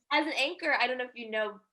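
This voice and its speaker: A woman who works as a TV reporter and anchor, talking as a guest in a casual interview, articulate and lively and quick to laugh. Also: sits high.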